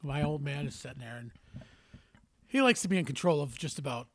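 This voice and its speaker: A man's voice: a little high, expressive, fairly quick, fairly bright tone. A man in his fifties, co-hosting a podcast, who tells joking stories with crude humor in casual chat. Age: 50s. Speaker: podcast co-host.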